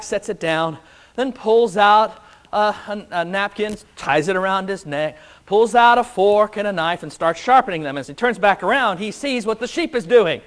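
A man preaching a sermon as pastor, slow and emphatic, building on repeated rhetorical questions. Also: high voice.

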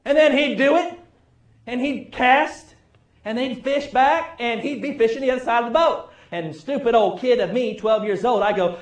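A middle-aged man preaching a sermon, telling wry stories and praying, with his loudness rising and falling. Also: very high voice, normal speed, echoey room. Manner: storytelling, wry, varies loudness widely. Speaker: pastor. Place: church sanctuary.

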